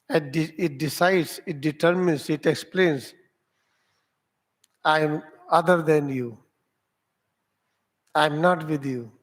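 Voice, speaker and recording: A man with an Indian accent, a meditation teacher whose first language is Hindi, teaching at an ashram in slow, deliberate, simple English. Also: fairly high pitch. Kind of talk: spiritual teaching talk.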